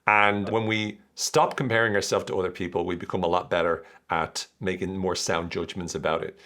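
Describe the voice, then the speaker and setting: A man's voice: low-pitched, fairly even intonation, brisk, sharp tone. A man hosting a podcast, explaining ideas in a casual, chatty and jokey way. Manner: chatty, jokey, acts out quoted voices. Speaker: podcast host.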